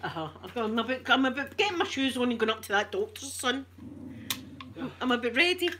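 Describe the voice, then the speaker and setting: A woman's voice: fairly high pitch, sing-song, a little fast, sharp tone, slight background noise. A Scottish woman chatting on an ASMR live stream, ranting with animation and swearing freely. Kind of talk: casual live-stream chat.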